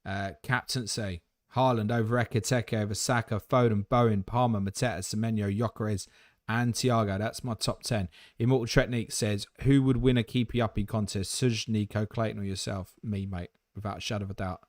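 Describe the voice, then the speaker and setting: Casting: male stream host, lowish voice, dry close sound, blunt and jokey, swears freely. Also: fairly even intonation, fairly quick, no room sound. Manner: blunt, swearing, matey banter. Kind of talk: live Q&A stream.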